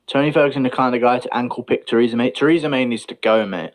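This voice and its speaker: A man's voice: medium pitch, fast, few pauses. A man from Britain, chatting casually on a livestream with rambling, profane opinions. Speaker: stream host.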